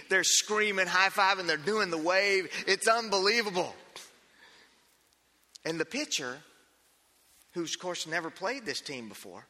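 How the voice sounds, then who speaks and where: A man preaching a sermon, telling a story in an animated way, acting out the scene with frequent restarts. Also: high-pitched, gravelly, big-room sound.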